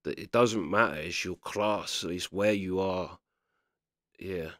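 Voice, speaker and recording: A man's voice: sits low, slow, a bit bright, dry recording, clean studio sound. A man giving casual commentary while reacting to clips, chatty and always checking you follow him. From England. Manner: chatty, keeps asking "do you know what I mean".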